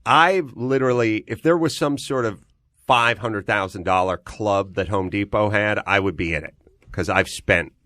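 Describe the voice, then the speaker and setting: A middle-aged comedian from North Hollywood telling wry stories as a podcast guest. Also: male voice, fairly low pitch, normal speed, no room sound, studio quality. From North Hollywood, California. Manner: wry, blunt, lively storyteller. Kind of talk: casual storytelling chat.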